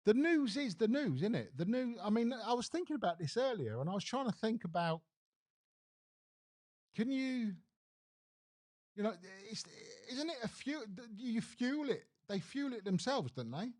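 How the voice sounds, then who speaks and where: A man's voice: extremely high pitch, moderate pace. A man hosting a live stream, ranting bluntly about the news with lots of swearing. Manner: blunt, animated, swears freely. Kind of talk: casual opinion rant on a live stream.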